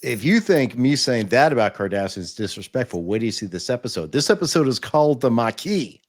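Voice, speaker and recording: Host, casual review podcast, explanatory, steady mid-range male voice. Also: mid-range voice, brisk. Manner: explanatory, with frequent fillers and restarts in chat. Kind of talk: casual review chat with a scripted intro.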